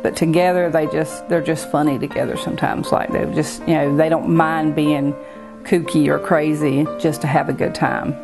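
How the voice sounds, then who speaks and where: A woman in an interview, speaking haltingly and searching for words. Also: deep voice, fairly even intonation, gravelly, low-quality recording. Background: guitar music.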